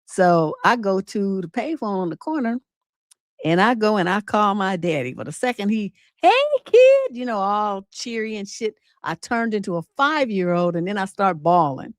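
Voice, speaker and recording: A middle-aged woman tells a story on a livestream in a loose, sassy, animated way, slipping into the voices of the people she quotes and cursing freely. Her voice sits at an ordinary middle pitch. It is recorded close and dry, with no room sound. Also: normal speed, no echo. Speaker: relationship coach and livestream host.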